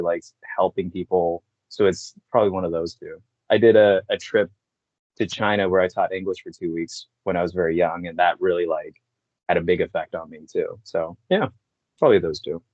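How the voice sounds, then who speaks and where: A man's voice: low voice, darkish tone, no room sound, lo-fi sound. A man who works as a voice actor and actor, a guest chatting in an easygoing, laid-back way and laughing often. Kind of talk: casual interview chat.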